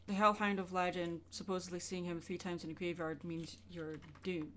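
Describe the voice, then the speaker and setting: A woman's voice: fairly low pitch, flat delivery, moderate pace, few pauses, fairly bright tone. A young woman chatting casually with her viewers during a drawing livestream, rambling and answering questions as she goes. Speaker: art streamer.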